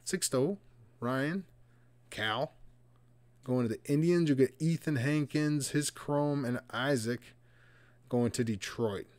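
A man's voice: medium pitch, slow, pauses often, no echo. Brash man hosting a card break. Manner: loud, teasing banter with coarse language. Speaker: trading card box break host. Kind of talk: live card break, chatting with viewers.

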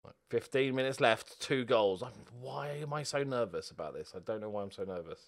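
A young man giving a football video game live commentary, excitable and sweary, moving between quiet muttering and loud outbursts. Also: mid-range voice, a little fast. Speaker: gaming video host.

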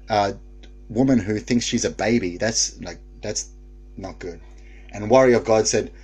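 A man's voice: lowish voice, slightly rough. A man hosting a casual live stream, reading viewer comments aloud and laughing often.

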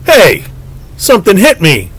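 A man's voice: high voice, huge pitch swings, measured pace, a bit bright, breathy edge, dry recording, pitched above the performer's own voice, heavily acted. A man reading the part of a stubborn, skeptical boy who squawks blunt complaints. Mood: startled.

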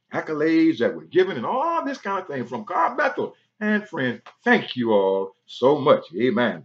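A man's voice: mid-range voice, lo-fi sound. A man pastor giving church announcements and a sermon, stopping often for "amen" and "praise the Lord", and breaking into song. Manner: punctuates with frequent amens and praise the Lords; breaks into singing.

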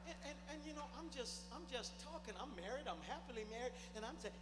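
A man's voice: extremely high pitch, animated, fast, hardly any pauses. A middle-aged man, a bishop, preaching a fervent sermon with repeated, stammered restarts in a large church. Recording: echoey hall with music behind.

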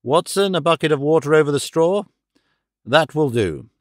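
A man voicing a calm, clever detective with an amused, theatrical manner, in an audiobook reading. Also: a little high, moderate pace, no room sound, studio quality, lightly acted.

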